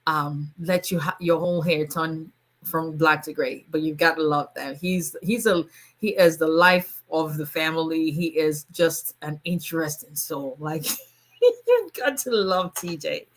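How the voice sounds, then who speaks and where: A deep-voiced, middle-aged woman from Nigeria, an immigration lawyer, chats casually during a live stream. Animated and fast-talking, she laughs often.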